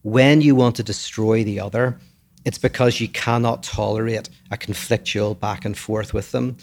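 A man's voice: fairly low pitch, steady tone, moderate pace, vocal fry, darkish tone. A man with a Northern Irish accent, co-hosting a podcast and explaining ideas in casual, thoughtful talk, often restarting his sentences. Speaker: podcast co-host. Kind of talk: casual philosophical chat.

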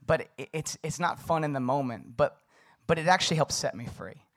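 Young male pastor, casual conversational sermon, relaxed and filler-heavy. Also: a little high, a little fast.

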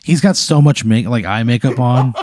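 A man's voice: medium pitch, moderate pace, darkish tone, no room sound, clean studio sound. A man co-hosting a comedy podcast, spinning an improvised hypothetical in a rambling way with lots of fillers. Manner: rambling storyteller, many "like" fillers. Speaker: podcast co-host posing a hypothetical.

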